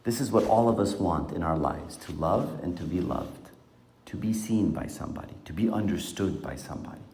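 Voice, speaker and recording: Deep-voiced man teaching a small group. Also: a little fast, creaky, darkish tone. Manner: asks the group questions, conversational. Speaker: Bible teacher. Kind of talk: informal Bible talk to a small group. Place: small room around a table. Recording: echoey room.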